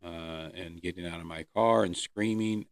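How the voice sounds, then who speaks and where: A man hosting his own podcast, earnestly telling his personal recovery story with pauses and fillers. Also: low voice, clean tone, dry recording, studio quality. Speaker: podcast host. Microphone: close podcast mic.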